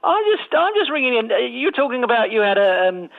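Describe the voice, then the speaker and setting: A man's voice: extremely high pitch, sing-song, fast talker, creaky, exaggerated voice. An actor playing a rambling male caller with a daft theory, hesitant and chuckling, in a comedy phone-in. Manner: hesitant and rambling, chuckles at his own ideas. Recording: tinny phone line.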